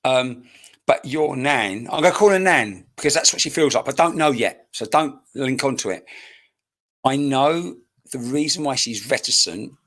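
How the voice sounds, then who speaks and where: A man at a computer microphone, working through a live mediumship reading. His talk is chatty and searching, full of asides, and he calls out to viewers by name. His voice sits at a middling pitch. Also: expressive, normal speed, fairly bright tone. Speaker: psychic medium.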